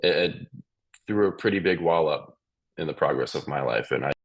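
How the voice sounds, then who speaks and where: A man's voice: rumbling low, lively intonation, normal speed. A man answering an interview question, subdued and hesitant.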